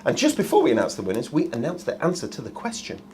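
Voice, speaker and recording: Lively chatty man presenting. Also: on the high side, fast talker, a little hiss or hum. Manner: chatty, jokey, many ums. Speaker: shopping show host. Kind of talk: live shopping chat.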